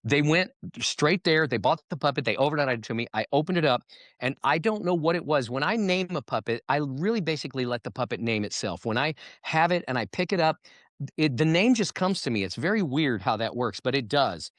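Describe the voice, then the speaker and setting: Animated man telling stories, dry sound. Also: a little high, a little fast, no echo. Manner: animated storyteller, slips into character voices. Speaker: guest entertainer. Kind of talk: casual interview chat.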